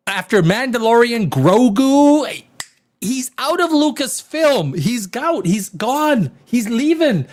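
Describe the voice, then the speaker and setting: Male live-stream host, high voice, very lively pitch, rambling and swearing, a bit tipsy. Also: takes it slowly. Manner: loud, rambling, swearing, reading chat comments aloud; animated, swings between shouting and muttering. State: tipsy from wine. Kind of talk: rowdy live-stream chat.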